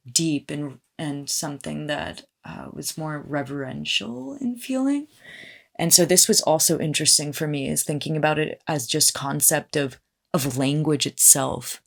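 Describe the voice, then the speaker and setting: A young woman artist reflecting in a measured, searching and analytical way in conversation. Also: deep voice. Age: young adult. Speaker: artist, podcast guest.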